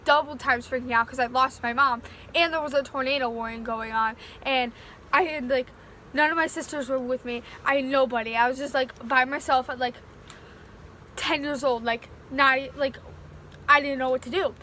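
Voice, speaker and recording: A woman's voice: high-pitched, fairly even intonation, moderate pace, bright, forceful tone, a little hiss or hum. A young woman vlogger telling a casual storytime, rambling with lots of fillers like "like.". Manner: rambling, filler-heavy retelling with many "like"s.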